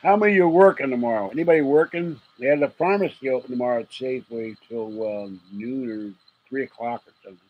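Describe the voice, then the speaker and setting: Husky-voiced man rambling on a stream. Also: medium pitch, fast, phone-quality sound. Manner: rambling, joking, chuckles often. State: getting sleepy. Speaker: livestream host. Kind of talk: rambling late-night livestream chat.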